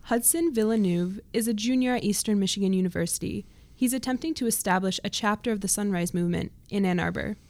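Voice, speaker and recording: A woman's voice: mid-range voice, fast, hardly any pauses, darkish tone, faint music behind. A woman hosts a weekly news podcast in a mid-range voice. She chats in a casual, upbeat way and asks her guests questions. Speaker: host and reporter. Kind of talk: casual news show hosting.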